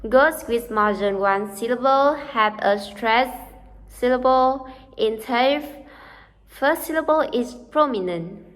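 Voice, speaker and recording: A young woman, the leader of a student group, reading a class presentation slowly and carefully. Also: fairly high pitch, a bit bright, in a large hall. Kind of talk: read-aloud class presentation.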